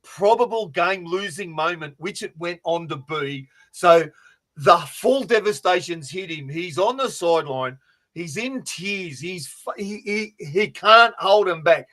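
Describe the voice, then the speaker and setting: A man co-hosting a fantasy sports podcast, telling stories in a loud, sweary, animated way over a remote call. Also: high-pitched, a little slow. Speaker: podcast co-host.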